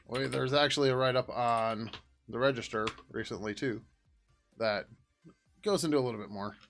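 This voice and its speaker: Middle-aged guy livestreaming code, rambly and casual, mid pitch, faint music and typing behind. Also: moderate pace, a bit bright. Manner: rambling, casual, swears, hums to himself while working. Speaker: livestream host and software developer. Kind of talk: casual coding livestream chat.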